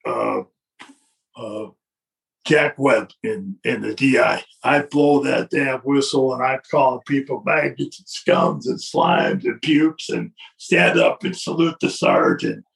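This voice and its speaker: Gravelly older man telling a story. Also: medium pitch, takes it slowly, distant mic. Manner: animated anecdote with acted-out quotes and chuckles. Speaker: guest telling a wrestling story. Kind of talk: casual storytelling.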